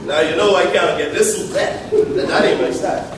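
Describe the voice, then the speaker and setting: A jaded old prime minister with a Bahamian accent, boastful and folksy, sparring with trash talk, played by a male stage actor. His voice sits high for a man. It rings out in an echoey theatre with faint hiss behind. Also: moderate pace, natural voice. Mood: bantering. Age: 70s. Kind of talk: live stage play.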